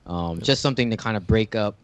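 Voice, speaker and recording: A man with a low voice co-hosts a casual snack-tasting podcast. He rambles in a relaxed way, and his voice sits close and dry with no room sound. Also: quick pace, smooth, no room sound. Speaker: podcast co-host.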